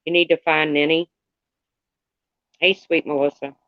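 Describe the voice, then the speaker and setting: A man's voice: fairly high pitch, flat delivery, unhurried, no echo, highs cut off. A man livestreaming in casual chat, rambling candidly and greeting viewers by name.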